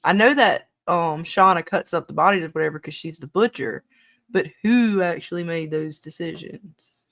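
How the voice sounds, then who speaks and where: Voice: medium pitch, moderate pace, fairly bright tone. A show co-host in a casual live episode discussion who talks bluntly, swears often and rambles between points.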